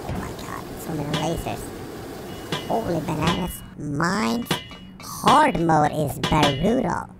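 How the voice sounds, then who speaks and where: A performer voicing an excitable male cartoon chipmunk gamer through a sped-up high voice filter, giving squealing game commentary. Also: slow pace, gravelly, very noisy. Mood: mock-serious. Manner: squealing, giggly, exclaims constantly. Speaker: let's play commentator. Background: game music.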